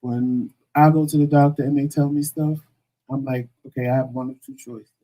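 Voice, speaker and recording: A man on a talk show telling his own story in a casual, animated way, acting out the voices of the people he quotes. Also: medium pitch, moderate pace, poor audio.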